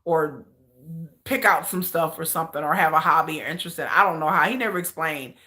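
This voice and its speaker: A woman hosting a livestream in casual chat, animated and slangy, often laughing as she talks. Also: low voice, fairly quick. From United States. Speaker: livestream host.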